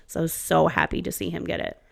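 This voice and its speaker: A woman in her thirties talks casually on a podcast, with a low voice that has a gravelly edge. She swears freely and gets animated as she tells her stories. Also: quick pace. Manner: profane, animated storyteller. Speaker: podcast co-host. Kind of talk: casual chat.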